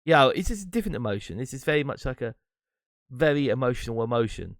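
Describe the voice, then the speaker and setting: A man's voice: mid-range voice, sing-song, fast talker, no room sound, clean studio sound. A man hosting his own podcast, talking alone in a rambling, reflective way and breaking into laughs now and then. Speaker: podcast host and streamer. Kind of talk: casual solo monologue.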